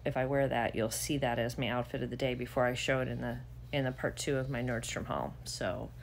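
A woman chats casually to her viewers from home, rambling with plenty of "like" fillers. Her voice sits quite low for a woman, with a faint hiss behind it. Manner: chatty, lots of "like" fillers. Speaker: vlogger. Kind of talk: casual chat.

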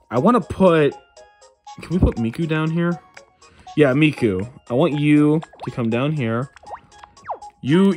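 Animated goofy young man narrating gameplay. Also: fairly high pitch. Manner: goofy, rambling, self-mocking. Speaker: channel creator playing a life sim game. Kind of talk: casual gameplay commentary.

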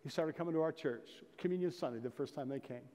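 Middle-aged male pastor, folksy sermon storyteller who turns emphatic, slightly high voice, reverberant church hall. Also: quick pace, mellow. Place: church sanctuary.

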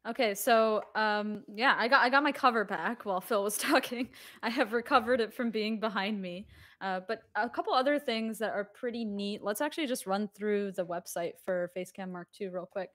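A woman's voice: mid-range voice, normal speed, fairly bright tone. Playful woman co-hosting a stream. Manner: playful, laughing, chatty. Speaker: co-host. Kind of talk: livestream product demo.

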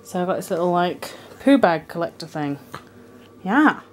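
A woman's voice: on the low side, sing-song, moderate pace, slight background noise. A young woman vlogging at home, gushing in baby talk at her pet dog with gasps and giggles, filmed on a handheld camera. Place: at home indoors. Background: dog sounds.

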